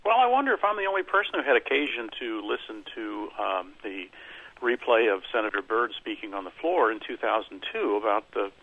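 A man calling in to a radio show, thoughtful and halting as he speaks. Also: fairly low pitch, very animated. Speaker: caller. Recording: phone line.

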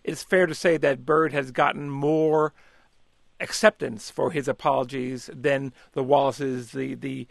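Political commentator man, gravelly voice, dry studio sound. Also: medium pitch, steady tone, a little slow, no echo. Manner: hesitant, many fillers. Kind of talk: radio panel discussion.

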